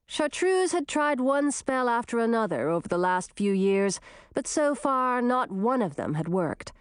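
Casting: female storybook narrator, lively melodic delivery, dry close mic. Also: mid-range voice, no echo. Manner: expressive, storytelling. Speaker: audiobook narrator.

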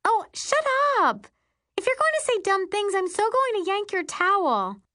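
A woman's voice: wildly swooping pitch, slow pace, darkish tone, full character voice. A woman voicing a giggly, teasing teen girl at summer camp in an audiobook. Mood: mock outrage. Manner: high, squealing and playful.

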